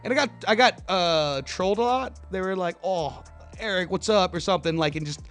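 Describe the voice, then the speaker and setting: A young man with a high voice tells stories on a radio show in loose, slangy, laid-back chat. He laughs often as he talks. Faint music plays behind him. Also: expressive, quick pace, fairly bright tone. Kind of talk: casual chat.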